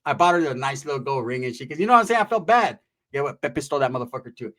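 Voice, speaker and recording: A man's voice: medium pitch, lively intonation, rapid-fire, a bit bright. A man who hosts the show and tells a story in a casual, profane, rambling way, acting out other people's voices. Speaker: storyteller, host.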